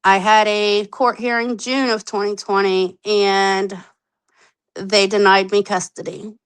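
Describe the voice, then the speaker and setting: A woman in her thirties telling her own story candidly on a podcast, animated, acting out the voices she quotes and swearing freely. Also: mid-range voice, slow pace, smooth, rough recording. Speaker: podcast guest.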